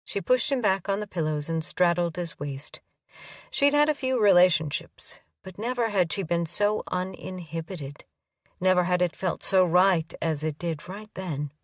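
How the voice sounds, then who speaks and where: A woman's voice: fairly low pitch, normal speed, no room sound, studio quality, recorded from a distance. Woman narrating a romance audiobook.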